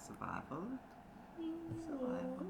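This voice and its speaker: A man's voice: extremely high pitch, huge pitch swings, takes it slowly, vocal fry. A man playing a tabletop game who gives laid-back, brief replies. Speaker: player. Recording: noisy background.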